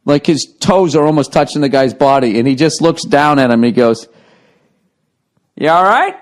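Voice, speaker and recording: A man's voice: mid-range voice, a little fast. A man hosting a podcast, telling a story in casual chat with heavy swearing and bursts of laughter. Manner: profane, animated, breaks into laughter. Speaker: podcast host.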